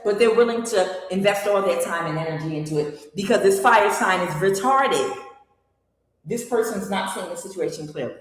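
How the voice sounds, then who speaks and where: A woman's voice: medium pitch, moderate pace, faint music behind. Blunt, rambling woman in an echoey room. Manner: blunt, rambling, frequent fillers and restarts. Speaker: tarot reader. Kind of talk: casual tarot reading monologue. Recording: very echoey room with long reverb.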